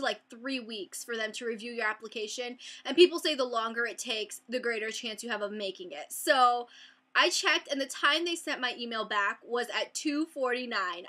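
A woman's voice: fairly high pitch, bright, forceful tone. A young woman chatting to camera in a casual vlog, bubbly and rambling with lots of fillers. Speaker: beauty vlogger.

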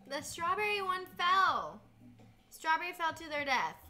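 A very bright, high young female voice that swoops up and down as she cheers on players. Bubbly and animated livestream chatter, with faint music underneath. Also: measured pace. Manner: bubbly, animated reactions to gameplay. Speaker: livestream co-host. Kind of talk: casual livestream chat.

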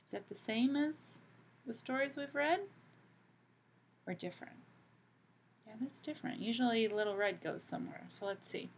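A woman teacher reading a picture book aloud to children, pausing gently to ask them questions. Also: fairly high pitch, expressive, husky.

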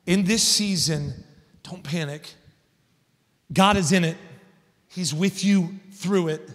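A man in his thirties preaching a sermon as a guest speaker, telling a family story and building to loud, emphatic points. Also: high voice, slow. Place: large church hall. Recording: long church hall reverb.

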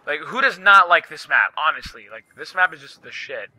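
A man's voice: a little high, expressive, a little fast, sharp tone, no echo. A young man giving live commentary over his own gameplay, swearing freely and breaking into frustrated outbursts. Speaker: gaming YouTuber.

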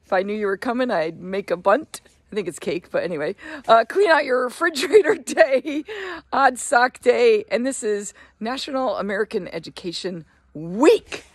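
A woman's voice: on the high side, normal speed, dry recording. A middle-aged woman giving a casual, rambling morning chat to camera, laughing often between her asides. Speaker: vlogger.

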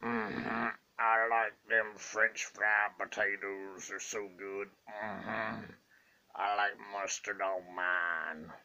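A man doing an impression of a slow, gentle Southern man from a movie, grunting mm-hmms in a gravelly voice. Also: on the low side, steady tone, heavily acted. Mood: slow, contented. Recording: dull lo-fi recording.

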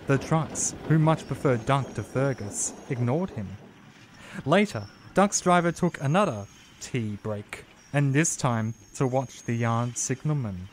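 A man reading a children's train story aloud as narrator, with a calm, steady delivery. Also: medium pitch, measured pace, noisy background. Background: music.

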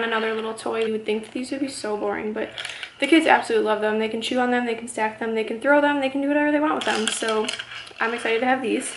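A woman's voice: fairly high pitch, roomy sound, slight background noise, low-quality recording. A heavily pregnant young woman vlogging from home, chatty and upbeat with many fillers, a little out of breath. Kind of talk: casual haul vlog.

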